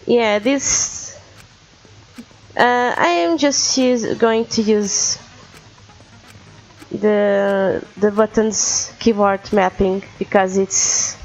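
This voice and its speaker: A woman hosting a gaming video, giving quick, chatty and slightly halting commentary. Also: mid-range voice, fairly even intonation, a little mellow, highs cut off. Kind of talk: casual game commentary.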